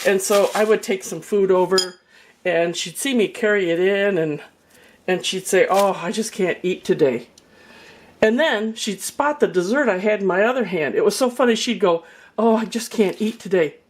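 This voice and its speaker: A woman's voice: medium pitch, a little hiss or hum. An older woman giving a chatty, folksy cooking demonstration in her home kitchen, with storytelling asides. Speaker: home cook.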